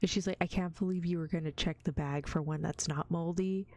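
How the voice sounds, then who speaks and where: A woman's voice: lowish voice, fairly even intonation, fairly quick, darkish tone, dry recording. A young woman streaming as a vtuber in whispered role-play, telling stories in a chatty, giggly way that slips into whispers.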